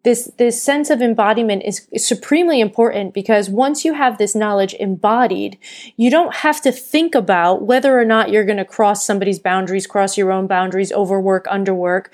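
A woman hosting her own podcast with an earnest, encouraging delivery and a middle-pitched voice. She talks straight to her listeners and now and then stops to correct herself mid-thought. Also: fairly quick, a little mellow. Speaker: podcast host and burnout coach. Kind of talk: casual solo podcast talk.

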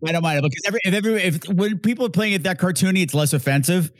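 A man's voice: sits high, racing, dry recording, clean studio sound. A man hosting a podcast, chatting casually and enthusiastically about a film, laughing easily. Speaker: podcast host. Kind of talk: casual film-review chat.

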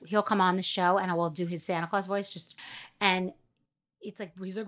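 A woman's voice: lowish voice, steady tone, a little fast. A middle-aged woman hosting a podcast, talking in a blunt, profane, emphatic monologue. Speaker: podcast host. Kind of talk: casual monologue.

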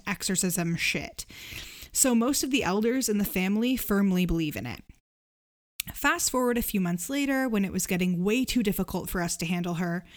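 A woman co-hosting a podcast, reading a listener's story aloud with casual, giggly asides. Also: medium pitch. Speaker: podcast co-host.

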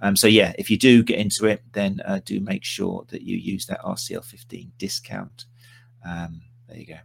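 A man's voice: low voice, normal speed, creaky, slight background noise. A man hosting a live stream in a chatty, self-deprecating way, with lots of ums. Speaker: host.

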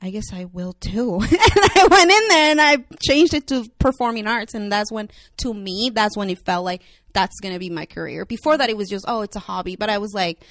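A woman's voice: mid-range voice, a little fast, a bit bright, no echo, clean studio sound. A young woman with a Spanish accent, chatting candidly as an interview guest with lots of filler words. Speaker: actress and writer guest. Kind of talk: casual interview talk.

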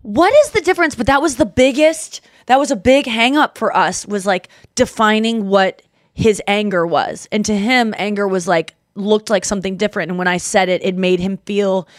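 A woman's voice: mid-range voice, normal speed, no room sound, clean studio sound. A woman in her thirties hosting a podcast, chatting casually and animatedly, acting out the people she quotes. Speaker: podcast host. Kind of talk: casual comedic chat.

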